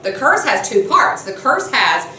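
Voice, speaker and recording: A woman teacher telling a myth in a chatty, animated way, with a slightly high voice. She sounds like she's in a very echoey classroom, picked up from a distance, with faint room noise behind her. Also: measured pace. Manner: animated, chatty, laughs often. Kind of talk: classroom storytelling lesson. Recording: echoey room, mic far off.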